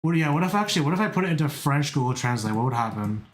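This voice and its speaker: A man's voice: fairly high pitch, animated, very fast, echoey room. A man chatting casually while drawing on a livestream, rambling, swearing a lot and laughing often. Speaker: art streamer.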